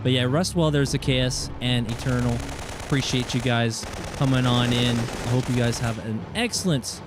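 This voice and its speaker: A man's voice: medium pitch, steady tone, normal speed, noisy background. A man with a British Columbian Canadian accent, chatting casually with viewers while streaming a game, friendly and thanking people by name. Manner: friendly, thanks viewers, restarts his words. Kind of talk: casual live gameplay chat. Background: game music and gunfire.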